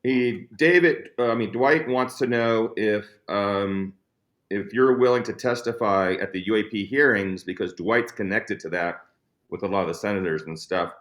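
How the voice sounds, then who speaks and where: A male host with a fairly low voice chats casually with his guest. He reacts with short, quick interjections and laughs along with the stories. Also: fairly bright tone.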